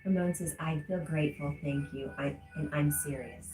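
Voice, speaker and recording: Low-voiced woman chatting on a livestream. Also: normal speed, roomy sound, over music, rough recording. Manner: reads chat messages aloud and chats back, laughing often. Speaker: livestream host reading chat. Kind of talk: casual livestream chat.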